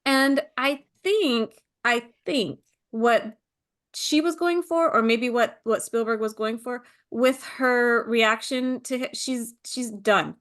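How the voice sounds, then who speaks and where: A woman guest on a film podcast talks about her own experience as a mother. She is animated and full of "like"s, slipping into voices for quotes. Her voice is a little high. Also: takes it slowly. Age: adult mother. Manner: animated, acts out quotes, many "like" fillers. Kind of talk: casual film discussion.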